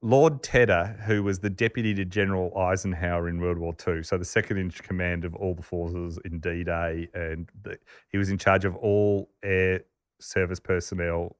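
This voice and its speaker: A man casually telling anecdotes on a podcast, chatty and animated, laughing as he goes. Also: low voice, normal speed, no room sound, studio quality. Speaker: podcast host telling a story. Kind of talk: casual storytelling chat.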